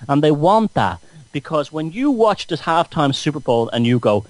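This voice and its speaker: A man's voice: on the high side, big pitch swings, normal speed, dry recording, low-quality recording. A man hosting a radio show, rambling through a mocking, satirical monologue.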